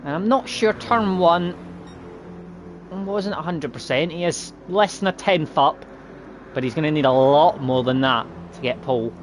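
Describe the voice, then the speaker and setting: A man commentating a sim racing broadcast in a chatty way, laughing and quickly correcting himself. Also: a little high, slight background noise. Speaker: race commentator.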